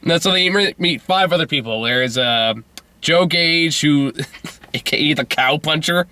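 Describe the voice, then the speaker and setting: A man's voice: a little high, measured pace, pushed and bright. A young man hosting a casual movie review, rambling, laughing often and swearing freely.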